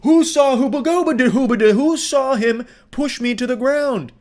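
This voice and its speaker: A man's voice: extremely high pitch, normal speed, a little mellow, voice pushed up. A man doing a shrieking furious entitled woman. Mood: shrill outrage. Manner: screeching, mocking, rallying a crowd.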